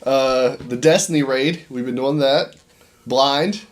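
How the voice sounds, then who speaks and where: A man co-hosting a gaming podcast while sick, making dry deadpan quips in casual chat. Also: mid-range voice, slow pace. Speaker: podcast co-host. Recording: noisy mic, audible hiss.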